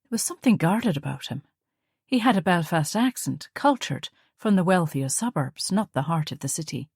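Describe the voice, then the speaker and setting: A woman narrating an audiobook in a steady, measured storytelling manner. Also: fairly low pitch, slightly rough, no echo, clean studio sound. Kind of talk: scripted narration.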